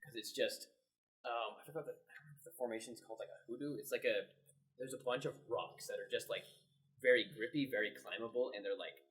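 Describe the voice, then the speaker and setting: A man's voice: medium pitch, brisk, a bit bright, low-quality recording. A young man chatting casually while gaming, telling a long story full of "like" fillers. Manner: rambling storyteller, lots of "like" fillers. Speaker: co-host.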